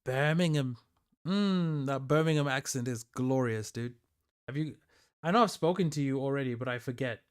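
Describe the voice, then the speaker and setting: A man hosts a live stream and chats easily with the viewers watching. His voice is smooth and clear, sitting at an ordinary middle pitch. He talks in a loose, rambling way, answering whatever comes up in chat. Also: lively intonation, moderate pace. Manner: loose and chatty, reads and answers chat aloud. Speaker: livestreamer.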